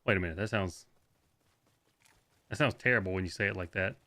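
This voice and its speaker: A young man streaming a shooter game, talking fast and loose as he plays, swearing, laughing and answering chat. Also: low-pitched, bright, forceful tone. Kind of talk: live gameplay commentary.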